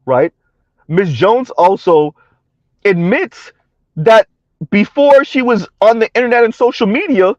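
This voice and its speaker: Man, high-pitched, combative sarcastic rant, repeats himself, dry close sound. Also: expressive, unhurried, pauses often, dry recording, lo-fi sound. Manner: laughs between points. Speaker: commentary vlogger. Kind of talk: opinion rant to viewers.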